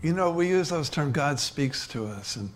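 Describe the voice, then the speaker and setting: Man, sermon, slightly high voice, conversational, restarts, chuckles. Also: lively intonation, normal speed, slight background noise. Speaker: pastor.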